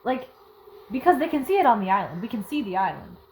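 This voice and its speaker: A woman's voice: fairly high pitch, very animated, fast, a little mellow, a little hiss or hum, poor audio. A young woman giving casual critical commentary, ranting with exasperated sarcasm. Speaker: video essayist.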